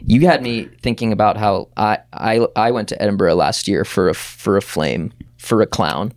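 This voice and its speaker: A young man in his twenties, a podcast producer, telling a story in casual chat and jumping up in pitch as he acts out what people said. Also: moderate pace. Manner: animated, acts out quoted voices with big pitch jumps.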